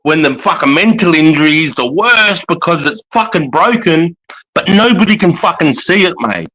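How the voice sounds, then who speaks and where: A man's voice: a little high, animated, moderate pace, pushed and bright, poor audio. A man with an Australian accent, a host in casual chat, speaking bluntly and heatedly with plenty of swearing.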